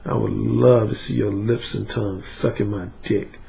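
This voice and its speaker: A man murmuring as a low, sultry seducer. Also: fairly even intonation, vocal fry, a little hiss or hum. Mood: seductive. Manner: hushed, sultry, drawn-out.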